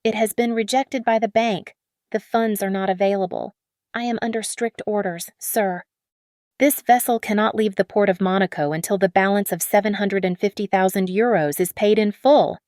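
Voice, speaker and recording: Woman doing a calm, firm ship captain. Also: medium pitch, moderate pace, dry recording, clean studio sound, close to an everyday voice.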